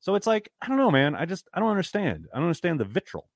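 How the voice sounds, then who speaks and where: A man's voice: fairly high pitch, wildly swooping pitch, fast talker, dry recording, clean studio sound. A man hosting a podcast, reading out fan comments and answering them in a frank, downbeat, exasperated way, swearing freely. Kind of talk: casual live-stream chat.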